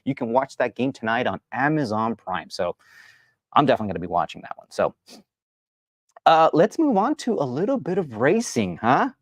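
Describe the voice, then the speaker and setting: Guy hosting a sports show, rambling, keeps restarting, mid pitch, dry sound. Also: big pitch swings, normal speed, no room sound. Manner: rambling, many restarts and fillers. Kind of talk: casual sports commentary.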